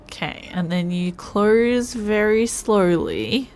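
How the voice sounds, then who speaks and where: A woman's voice: medium pitch, very animated, slow, a little mellow, slight background noise. A woman streaming a video game, thinking aloud and musing to herself as she plays. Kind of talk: casual gameplay commentary.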